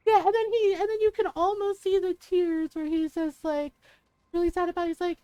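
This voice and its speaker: High-voiced, foul-mouthed woman streamer. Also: moderate pace, warm tone, dry recording, rough recording. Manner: blunt, profane, laughs through her stories. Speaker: game streamer. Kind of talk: casual storytelling while gaming.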